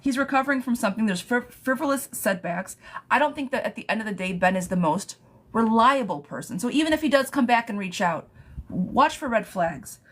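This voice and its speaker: A woman's voice: on the high side, lively intonation, brisk, a bit bright. A young adult woman giving a casual live tarot reading, chatty, laughing often and swearing lightly. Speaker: tarot reader. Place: home, streaming live.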